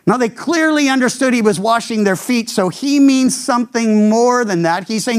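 A man preaching a sermon as a pastor, animated and acting out the people he quotes. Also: normal speed, few pauses. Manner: animated, acts out quoted speakers with big pitch jumps. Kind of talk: expository sermon.

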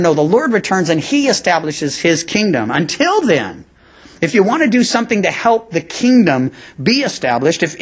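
A man pastor preaching an expository sermon in a conversational teaching manner with frequent asides. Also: high voice.

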